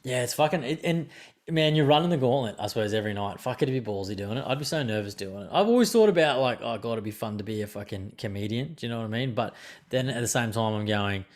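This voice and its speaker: A man's voice: medium pitch, animated, fast talker. A man hosting a podcast, talking loosely and rambling in casual chat. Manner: rambling, loose, lots of fillers and restarts. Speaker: podcast host.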